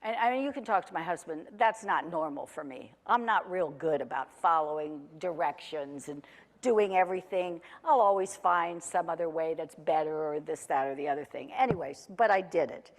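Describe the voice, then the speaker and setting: A woman's voice: low-pitched, normal speed, in a large hall. A woman in her forties, a former chef, telling her own story in a chatty, rambling way with self-deprecating humor. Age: 40s. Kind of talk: casual recounted personal story.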